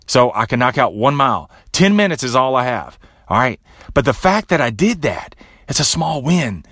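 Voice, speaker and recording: A male podcast host talking straight into a close mic in a dry, dead room, with a mid-range voice. He gives a motivational monologue in a coaching, pep-talk manner. He sinks to a low, quiet tone each time he repeats his refrain. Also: sing-song, moderate pace, no echo.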